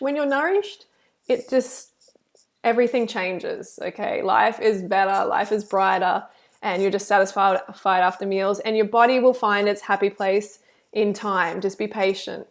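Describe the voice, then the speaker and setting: A woman reacting to a video and reading her live chat, animated and preachy, full of "like" and "you know". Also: mid-range voice. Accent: Australian. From Australia.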